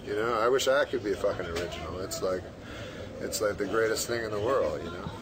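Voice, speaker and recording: A man guesting on a radio talk show, talking in a deadpan, rambling way. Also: on the low side, brisk, noisy background. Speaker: comedian guest.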